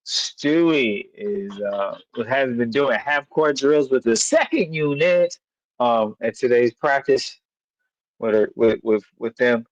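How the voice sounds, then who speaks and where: A man's voice: medium pitch, takes it slowly, no room sound. A man hosting a casual live sports chat, rambling with fillers and breaking into playful sing-song chants. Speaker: sports podcast host. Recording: dull lo-fi dry mic.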